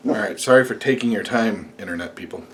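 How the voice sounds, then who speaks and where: A man's voice: fairly low pitch, fast talker, fairly bright tone, slight background noise. A man vlogging casually at home at night, rambling, joking and swearing as he reads notes to the camera. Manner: rambling, sarcastic, swears and jokes.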